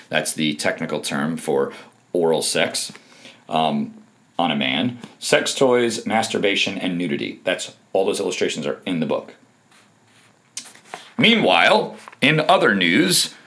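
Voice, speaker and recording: A low-pitched man talking through an opinion segment. He is emphatic and scornful, leaning hard on key words as he reads out quotes and adds his own remarks. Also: fairly bright tone. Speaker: political commentator. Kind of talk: opinion commentary monologue.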